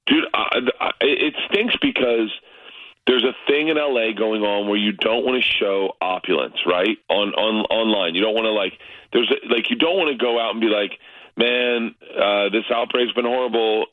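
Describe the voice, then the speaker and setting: A man's voice: normal speed, dry recording. Laughing storyteller man on a dull line. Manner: loose, laughing storyteller, big pitch jumps when excited. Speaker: comedian guest. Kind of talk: casual radio interview by phone. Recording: muffled lo-fi line.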